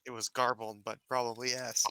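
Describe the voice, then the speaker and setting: A man's voice: mid-range voice, little pitch movement, fairly quick, sharp tone, clean tone, no echo, rough recording. A man chatting casually with his tabletop group, recounting comedy show bits with many restarts. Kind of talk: casual chat among tabletop players.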